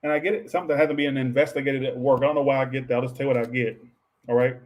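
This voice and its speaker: A man's voice: medium pitch, fairly even intonation, racing, highs cut off. A man giving a casual tarot reading to his viewers, rambling and offhand, with frequent swearing and asides to chat. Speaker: tarot reader.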